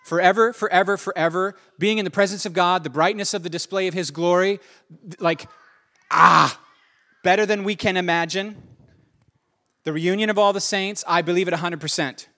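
A man's voice: high-pitched, steady tone, normal speed, long pauses, bright, forceful tone. A man preaching a sermon in an earnest, conversational way, often repeating his phrases for emphasis. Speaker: pastor.

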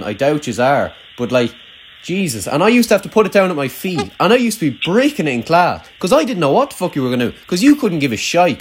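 A man's voice: a little high, a little hiss or hum. Rambling sweary young Irish man. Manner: rambling, sweary, self-mocking storytelling. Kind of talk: casual banter with an old schoolmate.

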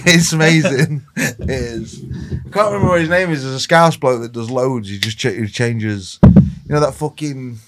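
A man's voice: medium pitch, normal speed, background noise. A young English man co-hosting a podcast, swearing and laughing through casual banter. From England. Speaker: podcast co-host. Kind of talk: casual chat.

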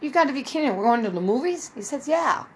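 A woman's voice: expressive, fast, a little hiss or hum, low-quality recording. A woman in her fifties telling a rambling personal story, acting out the people she quotes. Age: 50s. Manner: rambling, acts out quoted dialogue with shifting pitch. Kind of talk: casual spoken storytelling.

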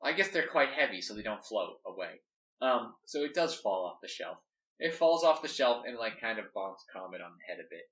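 A man's voice: on the low side, big pitch swings, brisk, fairly bright tone. A man talking through a story plan casually, rambling and filling gaps with "like". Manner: rambling, full of "like". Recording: echoey room, mic at a distance.

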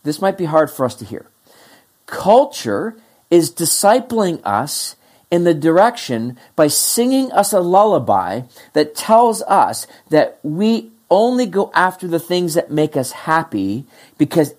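A pastor preaching a sermon in a lively, conversational way, with a mid-pitched voice. Emphatic points rise high, then the voice drops to quiet, low asides. Between points the pastor acts out what the listeners are thinking.

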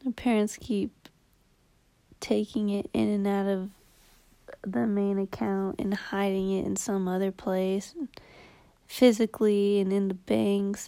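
A young woman rambling in a low-key, confessional vlog, swearing bluntly and often dropping to a whisper. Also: gravelly, dark tone, no room sound.

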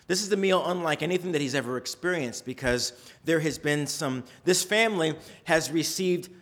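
A man preaching a sermon, retelling a story conversationally with lively swings in pitch. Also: moderate pace. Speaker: pastor.

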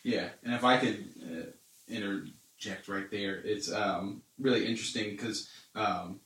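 A man talking through a Bible passage in casual conversation, earnest and halting, with many fillers. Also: fairly low pitch, a bit bright, far from the mic. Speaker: Bible study co-host. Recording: echoey room, away from the mic.

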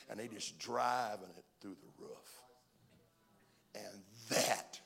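Gravelly storytelling preacher man. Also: medium pitch, fairly even intonation, normal speed. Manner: storytelling preacher who swings from hushed asides to shouting. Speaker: pastor. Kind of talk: sermon.

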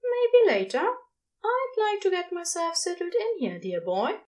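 A woman's voice: very high-pitched, big pitch swings, unhurried, darkish tone, far from the mic, voice pushed up, heavily acted. A woman voicing an anxious, fussy male angel who speaks in a prim, old-fashioned way. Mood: fretful.

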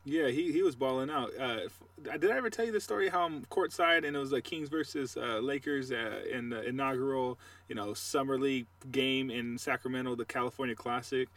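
A man co-hosting a sports podcast, chatting casually and telling animated, trash-talking stories. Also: mid-range voice, brisk, few pauses, recorded from a distance. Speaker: podcast co-host.

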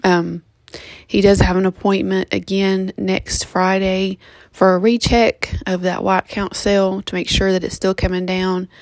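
Flat, gravelly-voiced woman talking straight into a dry mic. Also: medium pitch, no room sound. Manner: halting, many ums and restarts. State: just woke up, yawning. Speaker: vlogger giving a pet health update. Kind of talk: casual update vlog.

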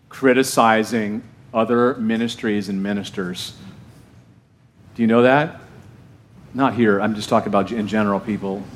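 A male pastor preaching a sermon in an emphatic, conversational way, often asking his congregation questions. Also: mid-range voice.

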